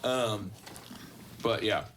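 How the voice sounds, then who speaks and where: A young man co-hosting a podcast in casual chat, swearing freely and laughing loudly. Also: on the low side, extremely slow, background noise. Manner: animated, swearing, bursts of loud laughter. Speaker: podcast co-host.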